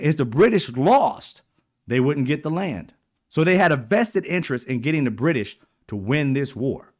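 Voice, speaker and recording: A man hosting his own channel, talking in a casual, blunt monologue with frequent swearing and repeated throat clearing. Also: fairly high pitch. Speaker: channel host.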